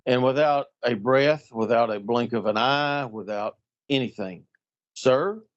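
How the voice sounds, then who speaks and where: A guest storyteller, middle-aged and male, shares a story in easygoing conversation, animatedly performing the voices of its characters. His voice is mid-range and unhurried, heard through a dull lo-fi recording.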